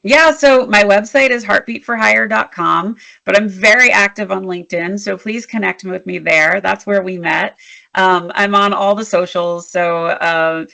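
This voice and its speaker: A woman interview guest, a leadership strategist, telling work stories in an animated, emphatic way. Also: mid-range voice, a little slow, vocal fry. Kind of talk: storytelling in a conversational interview.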